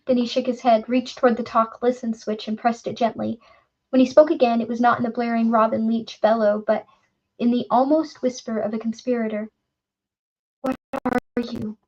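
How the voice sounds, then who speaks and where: Brief: female audiobook narrator, fairly high voice, dull muffled recording. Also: flat delivery, a little fast, a little mellow.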